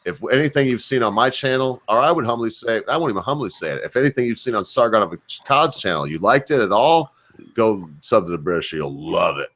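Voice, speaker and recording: A man's voice: lowish voice, expressive, fast, fairly bright tone. A man hosting a casual livestream chat, joking and boastful with a rambling delivery. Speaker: host.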